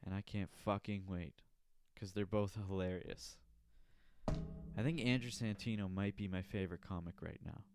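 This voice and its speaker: Music plays in the background as a young podcast host rambles through a casual solo chat. He speaks at normal speed in a low voice with fairly even intonation, swearing freely and cracking himself up with his own jokes.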